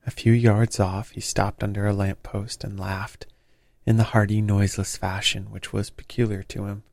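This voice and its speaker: A man narrating a classic detective story in a measured, even storytelling manner. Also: fairly low pitch, vocal fry, no room sound. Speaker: audiobook narrator.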